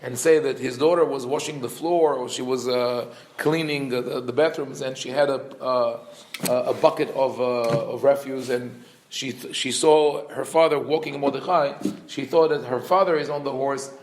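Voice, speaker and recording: A man, a rabbi, teaching a scripture class. He explains with dry humor and many fillers, and reads verses quickly in a chant. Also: medium pitch, fairly even intonation, darkish tone. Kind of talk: Torah class lecture.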